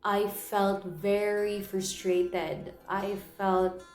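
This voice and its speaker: A woman's voice: mid-range voice, little pitch movement, very slow. A young woman telling a personal story in an earnest, emotional way, often repeating and restarting her phrases. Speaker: vlogger. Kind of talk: personal confessional vlog. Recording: roomy echo, soft guitar music underneath.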